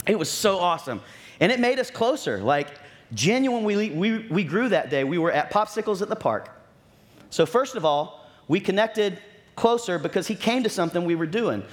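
A man preaching a sermon as pastor, telling stories and acting out what people said, with lively asides. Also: high voice, moderate pace. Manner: storytelling with acted-out quotes and lively asides.

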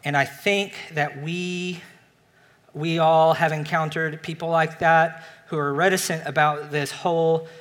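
A pastor giving a sermon, retelling a film plot in a relaxed, conversational way. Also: male voice, a little high, measured pace. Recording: long reverb of a large hall.

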